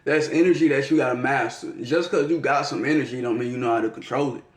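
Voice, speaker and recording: A man's voice: mid-range voice, quick pace. Profane rambling man in an echoey room. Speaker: astrology vlogger. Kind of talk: casual monologue.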